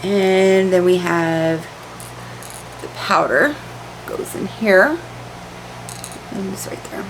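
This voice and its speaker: Casual female beauty vlogger, candid chatter, mid pitch, faint room noise. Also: slow, pauses often. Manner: chatty, candid, repeats words. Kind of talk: casual unboxing chat. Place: home room with ring light.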